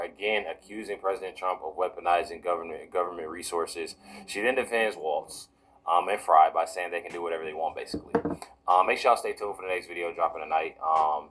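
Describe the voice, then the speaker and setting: Very deep-voiced man commenting casually. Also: a bit bright, slight background noise, poor audio. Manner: repetitive, heavy use of "you know" and "y'all". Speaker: political commentary vlogger.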